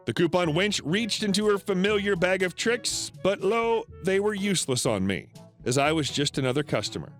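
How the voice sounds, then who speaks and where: Lively higher-voiced male story narrator. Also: moderate pace. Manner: steady storytelling read with lively swings into quoted characters. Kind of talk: scripted narration of online stories. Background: faint background music.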